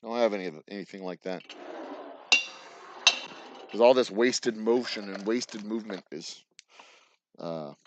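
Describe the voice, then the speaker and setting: A man's voice: fairly low pitch, measured pace, pauses often, a little mellow, dull audio, a little hiss or hum. A middle-aged man with a Texan accent who rambles through stories in casual live-stream chat while he works in a distillery, swearing freely and laughing often. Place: distillery workroom.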